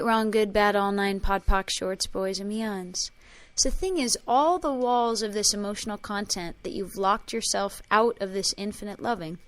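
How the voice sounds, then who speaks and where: Her voice is a little high as she talks to a group during the spiritual workshop she's leading. She chants a repeated clearing phrase and recounts emotional personal stories, quoting dialogue along the way.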